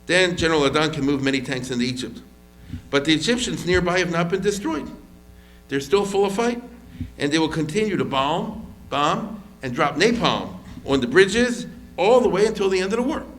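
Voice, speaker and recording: At normal speed and with a fairly high pitch, a man gives a relaxed history lecture as a rabbi. Fillers and restarts pepper his conversational delivery, and he brings quotes to life by acting them out.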